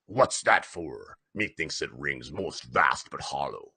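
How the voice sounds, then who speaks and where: A man voicing a wary second mate who mutters hushed asides. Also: very deep voice, expressive, takes it slowly, gravelly, breathy edge, voice pushed down, heavily acted.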